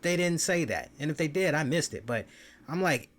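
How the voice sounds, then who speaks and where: A man hosting a wrestling review show, giving casual, animated commentary. He swears freely and often repeats words as he starts a thought. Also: on the high side, moderate pace.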